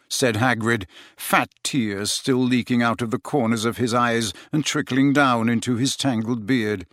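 A man narrating an audiobook with expressive storytelling. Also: medium pitch, moderate pace, no room sound, studio quality. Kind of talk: scripted narration.

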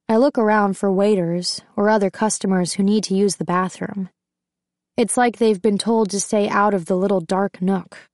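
A woman reads a first-person novel aloud with a tense, intimate delivery. Her voice is dark and mellow and sits at a middle pitch. The recording is close and dry. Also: steady tone, moderate pace, dry recording. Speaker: audiobook narrator.

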